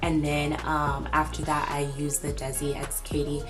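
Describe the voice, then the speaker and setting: Vlogging from her car with a phone camera, a young woman talks in a chatty, giggly way, dropping plenty of "um" and "like." She speaks at a normal pace in a low-pitched monotone, with music clearly audible behind her.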